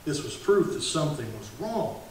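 Brief: male pastor, earnest sermon, slightly high voice, very echoey, distant mic. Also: big pitch swings, normal speed. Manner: earnest expository preaching, occasional self-corrections. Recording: echoey sanctuary from far off, hiss.

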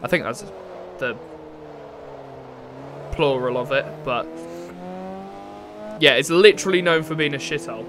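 A man's voice: fairly high pitch, a little slow, pauses often. A young English man streaming a racing game, chatting in a rambling, casual way and answering chat. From England. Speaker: gaming streamer. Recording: racing game engine noise behind.

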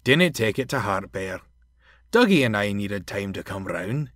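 A man voicing a gruff, blunt male engine with a Scottish accent. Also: fairly low pitch, sing-song, moderate pace, a bit bright, no echo, clean studio sound. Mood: steady.

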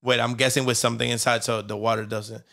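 A man co-hosting a podcast, chatting casually and joking with animated delivery. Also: medium pitch, fast, vocal fry. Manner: joking, animated, slips into mock voices. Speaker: podcast co-host. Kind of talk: casual chat.

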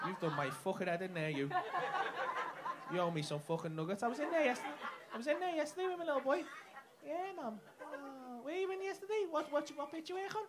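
Sweary comic ranting loudly. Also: male voice, very high-pitched, fast. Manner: sweary, mocking, ranting, laughs mid-line. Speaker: stand-up comedian doing crowd work. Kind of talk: live stand-up crowd work. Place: comedy club stage. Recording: live club recording with audible noise.

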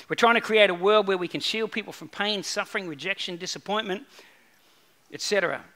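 A man delivers a sermon from the pulpit, building his points through repetition and voicing the people he quotes. His voice sits high and sounds sharply bright. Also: a little fast. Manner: animated preaching with repeated phrases and acted-out quotes. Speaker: pastor.

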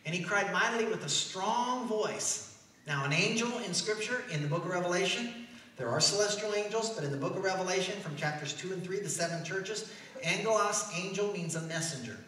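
A man with a Midwestern American accent, a pastor preaching an animated sermon that swings between loud declarations and soft asides. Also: high-pitched, fairly quick, far from the mic. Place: large church hall. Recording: echoey church hall, heard from afar.

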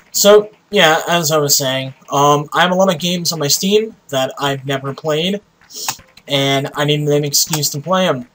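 A man's voice: on the high side, slight background noise, low-quality recording. Sleepy, profane young man gaming. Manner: profane, self-mocking, excitable outbursts. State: tired, sleepy voice. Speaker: let's play host. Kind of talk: casual gameplay commentary.

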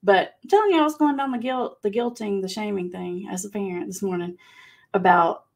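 A woman's voice: medium pitch, brisk, vocal fry. A woman with a Southern US accent hosting a casual live chat, laughing often and reading out viewer comments. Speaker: livestream host.

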